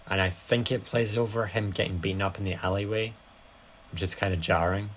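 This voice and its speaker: Young woman with a very deep voice, co-hosting a podcast. Laid-back and sweary, with lots of short agreements. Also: steady tone, brisk, a little hiss or hum. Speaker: podcast co-host. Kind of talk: casual film-review chat.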